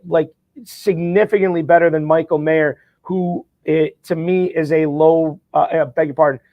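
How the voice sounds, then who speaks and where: A man's voice: fairly high pitch, fairly even intonation, moderate pace, no room sound, highs cut off. Eager man with a dry, close sound. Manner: eager, with frequent stammered restarts. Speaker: guest, fantasy football champion. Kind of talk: casual podcast chat.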